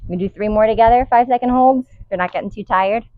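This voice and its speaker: A woman's voice: a little high, fast, dry recording, phone-quality sound. A woman leading a guided workout outdoors, counting reps and coaching with light laughs. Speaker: fitness instructor. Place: outdoors in the wind.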